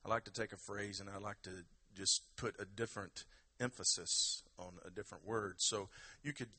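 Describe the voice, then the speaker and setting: A man's voice: on the low side, steady tone, normal speed, bright, forceful tone, slightly rough. A man preaching a sermon in a conversational, emphatic way and urging the congregation to give praise. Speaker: pastor.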